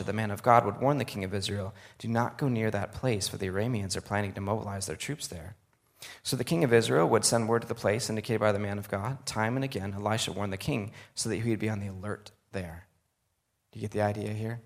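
A man delivers a sermon in a somewhat low, gravelly voice. He moves between reading scripture and talking directly to his listeners in an earnest, conversational way. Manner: earnest, conversational asides to the audience. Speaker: preacher.

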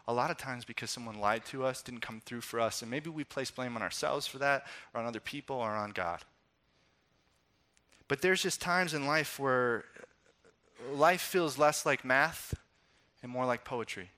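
Young male pastor, bright voice, casual animated sermon delivery. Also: mid-range voice. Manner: conversational, animated storytelling with acted-out quotes.

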